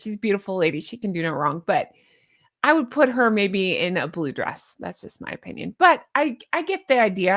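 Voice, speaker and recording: Gushing Southern woman with a gravelly edge. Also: mid-range voice, fairly bright tone. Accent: Southern American. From American South. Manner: gushing, giddy and chatty. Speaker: royal news commentator. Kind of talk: casual chat.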